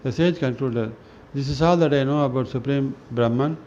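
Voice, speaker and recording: A man reading spiritual scripture aloud in a slow, halting way, often restarting words and clearing his throat. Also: medium pitch, a little mellow. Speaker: reader of a spiritual newsletter. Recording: dull lo-fi recording with faint noise.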